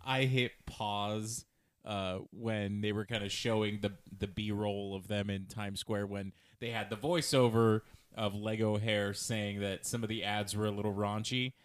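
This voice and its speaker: A man's voice: on the low side, steady tone, measured pace, clear, resonant tone. A man co-hosting a podcast, chatting casually and dropping dry, wry remarks. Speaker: podcast co-host. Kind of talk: casual chat recapping a TV show.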